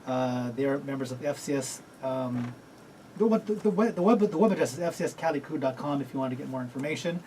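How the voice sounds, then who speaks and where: A man's voice: mid-range voice, expressive, quick pace, darkish tone, recorded from a distance, slight background noise, rough recording. Rambling male radio host. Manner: rambling, self-correcting, laughs readily. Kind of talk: casual radio talk interview.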